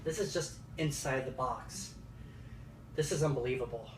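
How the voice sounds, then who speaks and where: A man vlogging a delivery at home, excited and emotional, speaking haltingly with many fillers. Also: medium pitch. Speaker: vlogger unboxing a piano. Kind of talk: casual home video vlog. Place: at home by the front door. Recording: echoey, distant, noisy with passing traffic.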